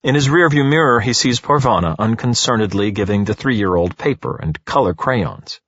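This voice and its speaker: A man narrating an audiobook in an expressive, animated storytelling manner. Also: on the low side, moderate pace, no echo, lo-fi sound.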